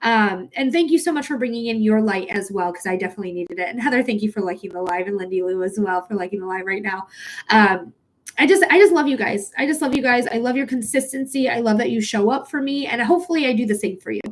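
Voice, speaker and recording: A woman's voice: on the high side, fast talker. A woman reading tarot on a live stream, emotional and close to tears, gushing thanks to viewers and cursing casually. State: tearful.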